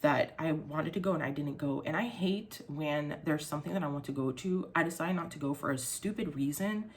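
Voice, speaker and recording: A woman's voice: sits low, a little fast, slight background noise. Candid, foul-mouthed young woman vlogger. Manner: candid, heavy swearing, frequent fillers; emotional, sensitive. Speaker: YouTuber. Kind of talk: casual vlog monologue.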